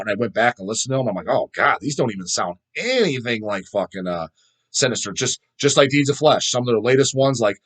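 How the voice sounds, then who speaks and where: Man, casual podcast host, rapid talk, profane, rambling, trails off hunting for names. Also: medium pitch. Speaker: podcast host reading viewer comments. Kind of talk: casual chat.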